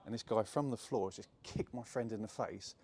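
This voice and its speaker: A man's voice: fairly low pitch, fairly quick, darkish tone. A young adult man, chattily retelling a true story to camera with lots of fillers. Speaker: property investor telling a story.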